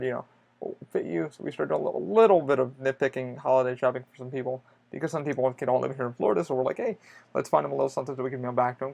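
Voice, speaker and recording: A man talks alone into a podcast microphone, telling a story in a loose, rambling way and swearing freely. His voice has a gravelly rasp at a middling pitch. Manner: swears a lot, rambling and animated. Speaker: podcast host. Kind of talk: casual solo podcast storytelling.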